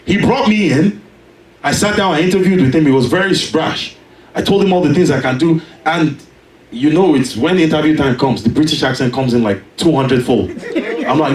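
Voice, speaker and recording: A man preaching a sermon, telling a personal story with animated delivery and emphatic peaks. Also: mid-range voice, fairly quick, reverberant, distant mic, crowd noise, poor audio. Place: church.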